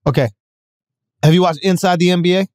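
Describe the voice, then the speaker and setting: A man's voice: sits high, fairly even intonation, fairly quick, a little mellow, dry recording, studio quality. A man co-hosting a comedy podcast, teasing brashly with plenty of swearing. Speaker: podcast co-host. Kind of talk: casual comedic banter.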